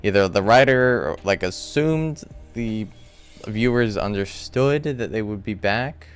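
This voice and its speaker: A man hosting a casual, rambling breakdown of a TV episode from a room at home, full of animated asides. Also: fairly low pitch, takes it slowly, clear, resonant tone, soft background music. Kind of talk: casual recap commentary.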